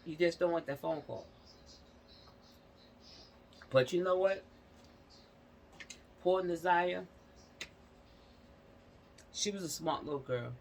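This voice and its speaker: A woman's voice: lowish voice, takes it slowly, creaky, pauses often, a little mellow, a little hiss or hum, low-quality recording. A woman hosting a casual commentary vlog, talking bluntly and emphatically, often repeating herself and checking in with "you know what I'm saying". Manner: blunt, uses mild profanity. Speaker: channel host.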